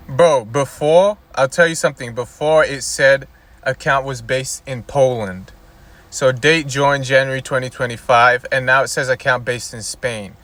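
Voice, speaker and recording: A man's voice: medium pitch, a bit bright, dry recording. A man vlogging from inside a car, ranting in a loose, profane, rambling way, full of "you know" and "like". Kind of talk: casual ranting monologue.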